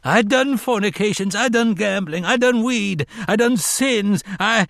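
A man's voice: measured pace, creaky, a bit bright, no room sound, clean studio sound, full character voice. A man doing a screaming, hysterical male sinner. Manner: screaming, wailing, high-pitched.

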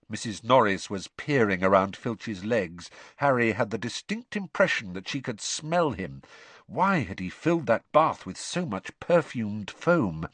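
A man narrating a novel as an audiobook, in an expressive, dramatic storytelling way, recorded in a studio. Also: lowish voice, a little slow, no room sound.

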